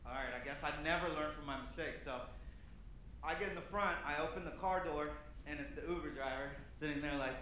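A man's voice: a little high, fairly quick, sharp tone, very echoey, a little hiss or hum. A man in his thirties, originally from Peru, doing a stand-up set in a comedy club with a loose, rambling delivery full of fillers. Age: 30s.

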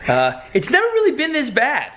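A man's voice: extremely high pitch, moderate pace. A young man chatting casually in a vlog, telling stories and acting out other people's voices. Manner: animated storyteller, acts out quoted voices. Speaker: vlogger.

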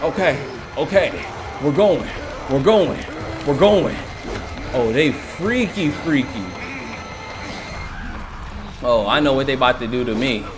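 Man hosting a let's play, lively swooping pitch, jokey and prone to panicked yelling, over steady background noise. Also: slow, long pauses. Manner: excitable, yelling and joking while playing. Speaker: gaming channel host.

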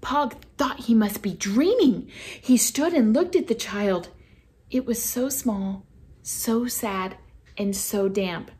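A woman reading a children's storybook aloud in a playful, expressive way for a church kids' program. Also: a little high, takes it slowly. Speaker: children's ministry reader.

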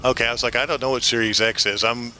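A man's voice: medium pitch, fairly even intonation, fast, sharp tone, a little hiss or hum. A man streaming a video game, chatting casually with a teammate, joking and swearing as he rambles along into a headset mic. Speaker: streamer playing an online shooter. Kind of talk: casual gaming chat.

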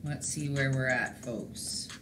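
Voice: medium pitch, fairly even intonation, slow pace, reverberant, heavy background noise. A host teaching a live-streamed painting lesson in a chatty, encouraging way, talking to viewers in the chat.

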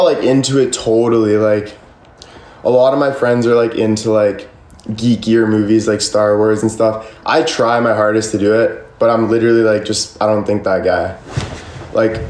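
In an echoey room with faint ambience and slight background noise, a young livestreamer casually replies to comments, cursing frequently and saying "like" constantly. His voice is on the low side and a little mellow.

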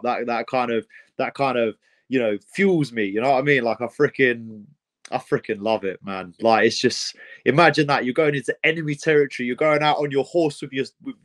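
Rambling young male fighter. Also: mid-range voice. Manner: rambling, lots of fillers and restarts, excitable. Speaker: professional fighter. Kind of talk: casual interview answers.

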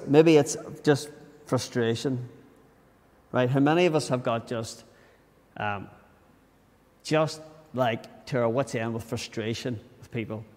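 A man with a Northern Irish accent preaching a conversational sermon in a church, earnest, often restarting his words. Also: mid-range voice. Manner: earnest, restarts words, acts out inner grumbles. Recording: long church reverb.

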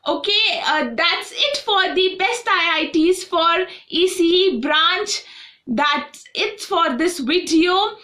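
A woman presents in a very high, bright voice. She talks slowly and methodically, reading out numbers one at a time. The room around her is echoey. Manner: steady, methodical, reads out figures one by one. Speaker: education channel presenter. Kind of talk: informational video presentation. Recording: roomy echo.

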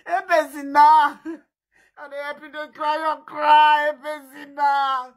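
A woman's voice: high voice, monotone, measured pace. A woman with a Nigerian accent doing a comic skit, fake-crying, wailing and laughing in Pidgin English. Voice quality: loud wailing and laughing, sing-song fake sobbing.

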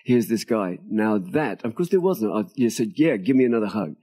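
Older man, dark mellow tone, slightly husky, storytelling interview guest, recorded outdoors. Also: on the low side, normal speed. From Australia. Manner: animated storyteller, acts out quoted dialogue, laughs often. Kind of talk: storytelling in conversation. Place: outdoors at a tropical home near a beach.

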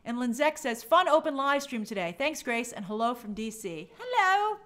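A woman from New York runs a casual livestream chat, reading viewer comments aloud with bubbly enthusiasm and stumbling over hard names. Her fairly high, slightly bright voice swings widely in pitch at a moderate pace.

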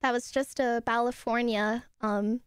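A woman streamer chatting casually on a live stream, laughing often, swearing freely and bursting into excited shouts. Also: a little high, unhurried, clear, resonant tone, dry recording, clean studio sound.

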